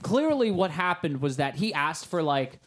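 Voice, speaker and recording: A man's voice: on the high side, big pitch swings, moderate pace. Chatty man co-hosting a podcast. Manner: chatty, rambling with fillers. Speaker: podcast co-host. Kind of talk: casual chat.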